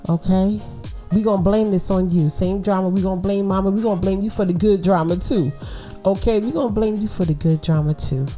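A mother hosting a podcast, talking straight to her listeners in a lively, encouraging way. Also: fairly low pitch. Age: adult with children. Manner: animated, talks straight to listeners with lots of "okay?" and "girl". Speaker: podcast host. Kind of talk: casual encouraging monologue.

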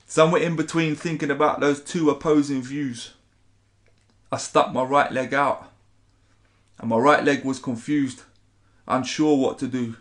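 Man, 30s, spoken word poet, rambling, swears, mid-pitched voice. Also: steady tone, measured pace, pauses often, fairly bright tone. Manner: swears casually, rambling, says "innit". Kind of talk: casual chat and poetry reading.

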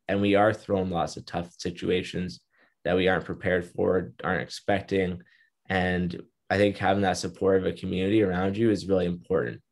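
A young man with a deep, low voice speaks as an interview guest. He tells his story in an earnest, reflective way, in casual talk. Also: darkish tone.

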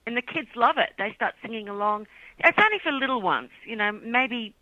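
A woman's voice: fairly high pitch, normal speed, no room sound, lo-fi sound. A middle-aged woman chatting casually as a guest, telling stories animatedly and laughing often. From Australia. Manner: animated storyteller, laughs often, acts out quotes. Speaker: guest, children's songwriter. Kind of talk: casual podcast chat.

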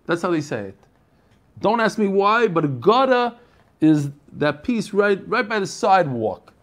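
A man's voice: high voice, very animated, measured pace, fairly bright tone. An American man giving a Talmud class, reading the Aramaic text in a singsong and then explaining it in casual English with chatty asides to his students. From United States. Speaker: Talmud teacher.

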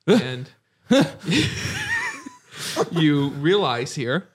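A man hosting a casual podcast, a touch higher than most men, with a very lively pitch. He steers the conversation with prompts and questions and laughs along. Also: extremely slow, slightly rough. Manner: guiding, quizzing and chuckling. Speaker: podcast host.

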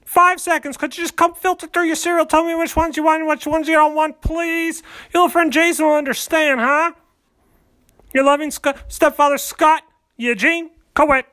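A man doing a whiny, rambling blue-collar stepdad in a comedy sketch, calling downstairs in a high, bright, pleading voice and never quite getting to the point. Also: steady tone, normal speed. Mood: nagging. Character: nagging middle-aged blue-collar stepdad.

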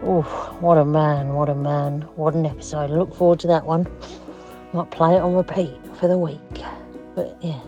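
A podcast regular recording a chatty, jokey message, excitable and playful as he talks. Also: a little high, normal speed, highs cut off, soft background music.

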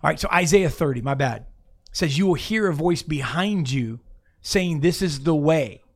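Man, pastor, off-the-cuff sermon, casual and conversational, slightly higher voice. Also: lively intonation, normal speed. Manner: conversational, restarts, asks listeners to look up verses.

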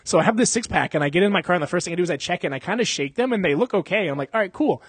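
A young man telling a long story in casual chat, animated and full of swearing and laughter. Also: high voice, racing, slightly rough, dry recording.

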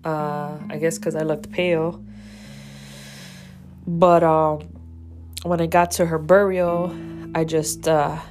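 A woman's voice: sits low, flat delivery, takes it slowly, long pauses, a little mellow, faint music behind. A woman telling a raw personal story with heavy swearing and strong emotion, as a podcast host.

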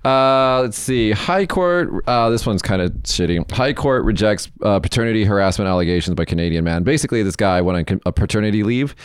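A man's voice: on the low side, expressive, fairly quick, few pauses, smooth, dry recording, studio quality. A man from the States hosting a casual podcast, chatting loosely through news stories and swearing offhand. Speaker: podcast host.

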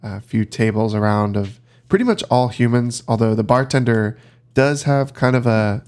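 Man narrating as game master, relaxed. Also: medium pitch, moderate pace. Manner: relaxed, hesitant narration with many fillers.

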